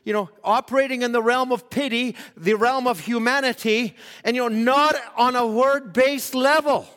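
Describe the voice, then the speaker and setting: A man preaching a sermon, swinging from loud exhortation to hushed, acted-out quotes. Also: very high-pitched, normal speed. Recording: long hall reverb.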